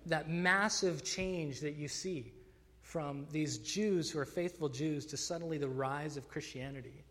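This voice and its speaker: A man's voice: on the high side, fairly bright tone. A man preaching a sermon, earnest and emphatic, often restarting phrases with fillers. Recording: long hall reverb.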